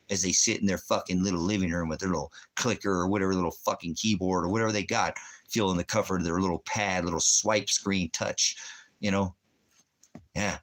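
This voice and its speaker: A man's voice: sits low, a bit bright. A man, a veteran and former police officer, ranting heatedly with constant profanity. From United States. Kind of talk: angry ranting monologue.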